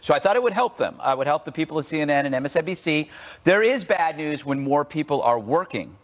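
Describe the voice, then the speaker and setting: A male co-host on a panel talk show, sarcastic and quick, riffing in mock voices. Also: a little high, lively intonation, in a large hall. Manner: sarcastic, rapid, mocking impressions. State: out of breath.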